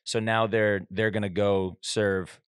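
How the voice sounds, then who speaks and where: Casting: male podcast co-host, lowish voice, plain explainer, dry close sound. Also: level tone, slow, clear, resonant tone, no echo. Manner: reads news items aloud, explains facts plainly. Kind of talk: casual comedic chat.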